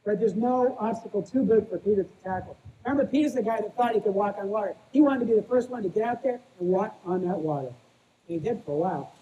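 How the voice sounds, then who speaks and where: This high-voiced pastor talks at a quick pace, preaching in a down-to-earth, conversational style and calling himself a small-town guy. He often checks with the congregation with a "right?", and the recording has its highs cut off plus slight hiss or hum.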